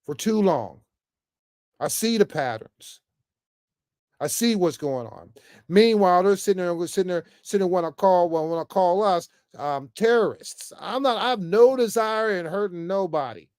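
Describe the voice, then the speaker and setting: A man's voice: high voice, expressive, moderate pace, a little mellow, clear, resonant tone, no echo, clean studio sound. A man giving an off-the-cuff political rant to camera, emphatic and repetitive, stammering often and ending phrases with "man". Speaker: political commentator vlogger.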